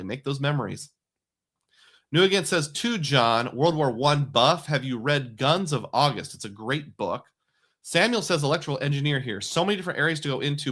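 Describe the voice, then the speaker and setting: Host, man, 40s-50s, bright tone, chatty reading of chat comments. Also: medium pitch. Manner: chatty, reads viewer comments aloud and answers them. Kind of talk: casual live stream chat.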